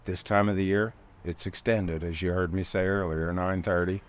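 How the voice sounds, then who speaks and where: A man's voice: deep voice, fairly even intonation, moderate pace, smooth. An older man, a barber, talking in a casual interview in his shop. He is an opinionated, rambling storyteller. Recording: noisy background.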